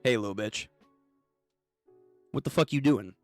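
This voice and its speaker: A man's voice: mid-range voice, unhurried, dry recording, soft background music, lightly acted. A man doing a menacing young male hunter. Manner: menacing, mocking, coarse.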